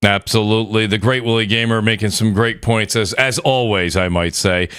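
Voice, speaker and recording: A man with a New York accent hosting a gaming podcast, hyping up guests with shout-outs and talking in loose, filler-heavy bursts. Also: on the low side, fairly even intonation, moderate pace, clean tone, dry recording, studio quality. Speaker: podcast host. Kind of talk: casual panel chat.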